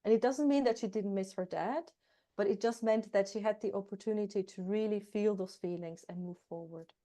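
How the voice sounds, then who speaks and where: Mellow-voiced woman telling heartfelt stories. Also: medium pitch, fairly quick. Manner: earnest, heartfelt, repeats words for emphasis. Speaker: guest, coach and hypnotherapist. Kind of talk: casual interview talk, storytelling.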